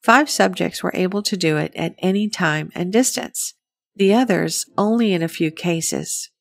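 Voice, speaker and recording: A woman reading a scripted documentary narration in an even, measured way. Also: on the low side, creaky, no room sound.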